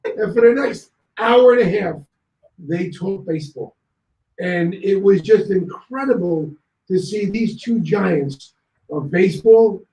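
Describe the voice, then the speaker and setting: A male guest on a talk show telling anecdotes in a lively way and acting out other people's lines. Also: high voice, roomy sound, muffled recording. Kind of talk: anecdotal storytelling.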